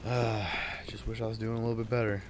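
A man's voice: fairly low pitch, little pitch movement, fast talker, background noise. A man giving let's play commentary, frustrated and swearing at the enemies in his game. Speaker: gameplay commentator.

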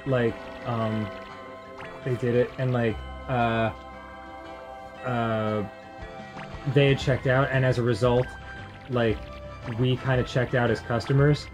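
A man's voice: medium pitch, flat delivery, takes it slowly, pauses often. Guy in his 30s telling rambly restaurant stories over a game, lots of laughing and silly voices, faint music behind. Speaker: co-host. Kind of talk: casual storytelling while gaming.

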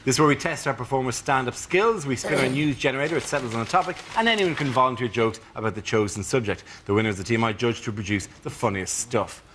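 A man hosting a comedy panel show, briskly announcing rounds and calling on the comedians. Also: mid-range voice. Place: TV studio with audience. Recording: noisy studio, loud audience.

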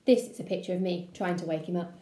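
A woman primary school teacher reading a children's book aloud to her class, with an expressive, playful delivery. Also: on the low side, fast talker, echoey room.

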